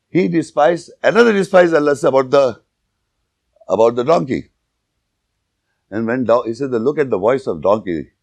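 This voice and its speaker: A man giving an informal religious lecture, telling jokes and anecdotes and pausing to search for words. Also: medium pitch, a little mellow, no room sound. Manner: anecdotal, joking, with searching pauses and restarts. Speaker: Islamic lecturer.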